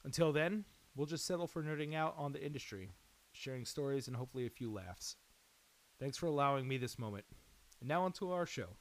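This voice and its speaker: A man's voice: mid-range voice, a little fast, low-quality recording. A man reading a scripted announcement before his podcast, earnest and caring in tone. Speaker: podcast host.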